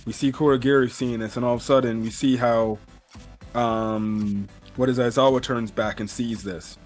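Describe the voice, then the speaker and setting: A man's voice: mid-range voice, fairly even intonation, normal speed, faint music behind. A man casually recapping a comic chapter in a rambling way, full of fillers and the odd swear word. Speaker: manga reviewer.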